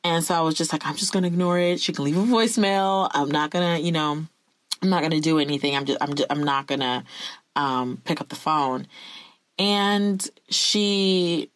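A woman's voice: deep voice, normal speed, no room sound. Earnest woman telling a confession, dry sound. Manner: earnest, confessional, talks to viewers as "y'all". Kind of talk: candid personal storytelling to camera.

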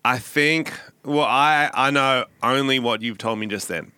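Bright, crisp-voiced blunt man. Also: mid-range voice, unhurried, no echo. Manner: blunt, laughs often, strong opinions. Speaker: podcast co-host. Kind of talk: casual comedy podcast chat.

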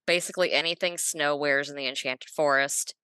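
Woman co-host, casual, sardonic humor, bright low voice, close dry sound. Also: steady tone, fairly quick, smooth, no echo. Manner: wry, self-deprecating, playful. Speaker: podcast co-host. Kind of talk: casual chat.

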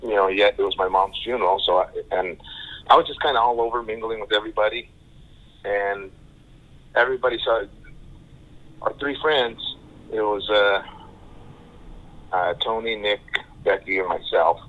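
A middle-aged man telling a personal story as a podcast guest, halting and repeating himself. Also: lowish voice. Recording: tinny phone line.

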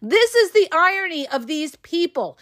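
A woman's voice: very high voice, very animated, normal speed, a bit bright, no room sound, studio quality. A woman hosting an advice podcast, talking bluntly and emphatically, swearing casually and often checking in with "okay?" and "all right?". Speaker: podcast host.

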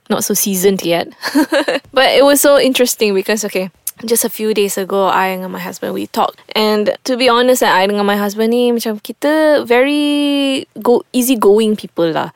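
A woman's voice: medium pitch, creaky, dry recording, studio quality. Chatty Malaysian woman mixing English and Malay. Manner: chatty, switching between English and Malay, laughs often. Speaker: podcast host. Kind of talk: casual chat.

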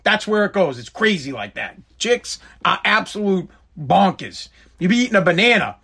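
High-voiced man ranting profanely. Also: sing-song, moderate pace, gravelly, fairly bright tone, breathy edge. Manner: rambling, profane, repetitive. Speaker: podcast host. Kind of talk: casual solo rant. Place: home basement.

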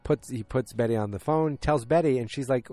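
A man's voice: medium pitch, brisk, mellow, dry recording. A man hosting a solo podcast, recapping a TV series in a casual, rambling way with frank, loose swearing.

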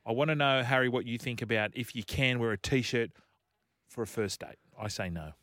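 A man's voice: medium pitch, moderate pace, fairly bright tone, no echo, studio quality. An Australian man co-hosting a radio show, playfully prodding a colleague. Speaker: radio host. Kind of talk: casual radio banter. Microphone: studio microphone.

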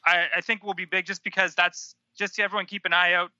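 A man's voice: high voice, level tone, fast, pushed and bright, clear, resonant tone, dry recording, lo-fi sound. A man co-hosting a casual chat podcast, agreeable, with short replies and blunt jokes. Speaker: podcast co-host.

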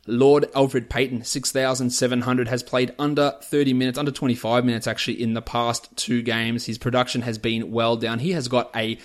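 A man hosting a fantasy basketball podcast, reeling off player stats and prices in a chatty, opinionated way. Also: mid-range voice. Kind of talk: casual podcast analysis.

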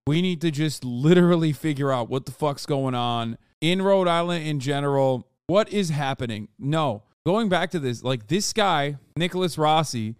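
Brief: rambling, cursing male streamer, smooth, dry close mic. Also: on the high side, normal speed, few pauses, no room sound. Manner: profane, excitable, rambling. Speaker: streamer reacting to a documentary. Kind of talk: casual reaction commentary.

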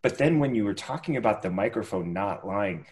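A man's voice: lowish voice, lively intonation, brisk, darkish tone. A man interviewing a guest, speaking in a thoughtful, reflective way. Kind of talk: casual interview talk.

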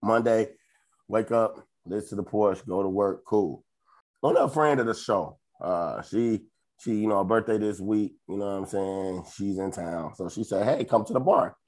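Young Chicago man co-hosting a podcast, loose and profane storyteller whose voice leaps up when he quotes people. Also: moderate pace. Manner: animated, profane, jumps into high quoted voices. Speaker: podcast co-host. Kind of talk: casual storytelling chat.

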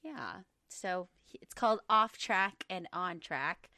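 A woman's voice: on the low side, animated, takes it slowly, sharp tone, no room sound, studio quality. A woman co-hosting a podcast, chatting casually and laughing often. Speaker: podcast co-host. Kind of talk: casual chat.

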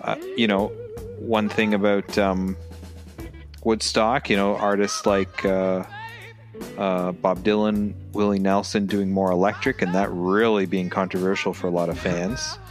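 A man co-hosting a casual podcast, his voice sitting low. He is excitable and laughs often, mimicking drum hits as he talks. Faint music plays underneath. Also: measured pace. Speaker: podcast co-host. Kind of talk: casual chat.

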